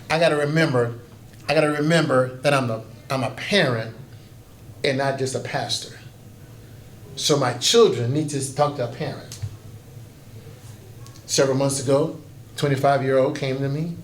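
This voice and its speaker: A man's voice: mid-range voice, normal speed, long pauses. A pastor in his fifties giving a folksy conference workshop talk, telling stories and acting out quoted voices. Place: conference breakout room. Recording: echoey room with faint background noise.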